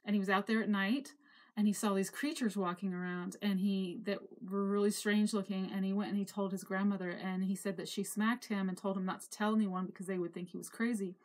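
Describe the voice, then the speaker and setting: A woman's voice: mid-range voice, fairly even intonation, brisk. A middle-aged woman telling her own life story in a reflective, emotional way, sometimes laughing or sighing as she remembers. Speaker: memoir narrator. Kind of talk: personal life story told to camera.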